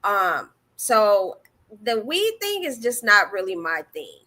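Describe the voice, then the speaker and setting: A woman from the Las Vegas area chatting calmly as a podcast co-host. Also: mid-range voice, slow. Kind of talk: casual chat.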